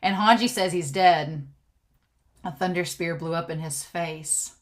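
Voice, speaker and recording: A woman giving a casual recap and commentary on an anime episode, excitable and thinking aloud, often checking in with "right?". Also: on the low side, measured pace.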